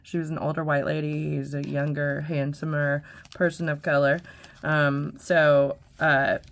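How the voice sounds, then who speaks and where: A woman's voice: low voice, flat delivery, a little slow. A middle-aged woman host telling a story in a casual, profane, chatty way, full of fillers and laughs. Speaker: vlogger host.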